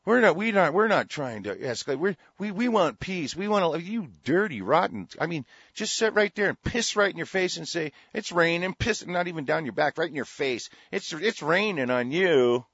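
A man's voice: on the high side, sing-song, a little fast, few pauses, a bit bright, husky, no echo, lo-fi sound, voice pushed up, exaggerated voice. A man putting on the voice of a whiny male official pleading innocence, in a sneering, sing-song mockery. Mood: mocking.

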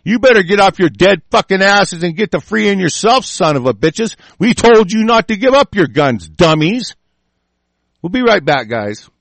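A man's voice: sits high, big pitch swings, moderate pace, vocal fry, no room sound. A man hosting a radio show, delivering an angry, profane political rant full of cursing. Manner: profane, shouting, heavy cursing.

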